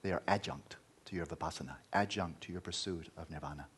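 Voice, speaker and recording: Man, meditation teacher, very low husky voice, emphatic dharma talk with soft whispered passages. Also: fast. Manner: emphatic, repeating key words, dropping to near-whispers.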